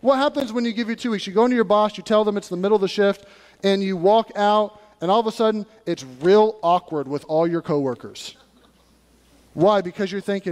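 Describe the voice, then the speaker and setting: A male pastor giving a sermon in an animated, conversational way, with acted asides, in a church sanctuary. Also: high-pitched, brisk, long reverb tail.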